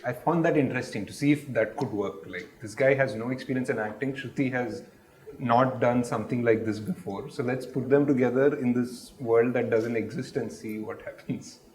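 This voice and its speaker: A man, a film director, explains his casting choices in a relaxed, thoughtful way. His voice is at a middle pitch and trails off softly. The room around him is echoey. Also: a little fast. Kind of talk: casual interview answer.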